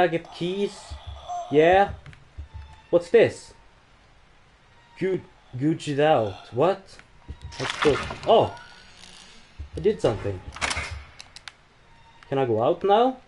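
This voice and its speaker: A man livestreaming a horror game, reacting in frightened, swearing outbursts and nervous laughs. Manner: lively, dramatic pitch swings between yelps and mutters. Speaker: livestream gamer.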